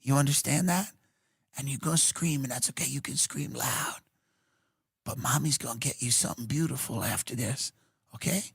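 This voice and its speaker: A man voicing a sinister mother who sweetly coaxes her young daughter, in a soft, falsely tender sing-song. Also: medium pitch, normal speed, gravelly, breathy edge, no echo, clean studio sound, voice pushed down, full character voice.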